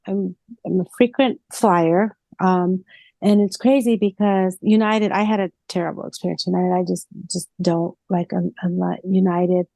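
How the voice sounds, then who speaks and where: A woman's voice: medium pitch, gravelly, no room sound. A woman co-hosting a casual podcast chat, telling stories animatedly and acting out quoted lines. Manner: animated storytelling with acted-out quotes. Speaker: co-host.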